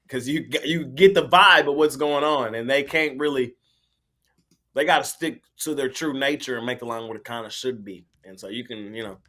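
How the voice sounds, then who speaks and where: A man's voice: medium pitch, normal speed, bright, forceful tone. A man with a mid-range voice co-hosts a sports betting stream. He talks in a laid-back, slangy way and laughs often. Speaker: sports betting show co-host. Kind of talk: casual live-stream chat.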